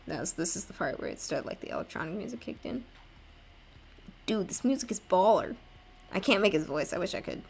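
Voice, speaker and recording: A woman's voice: fairly low pitch, lively intonation, fairly quick, creaky, slight background noise. A young woman chatting casually with viewers while drawing live, rambling and poking fun at herself. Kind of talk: casual livestream chat.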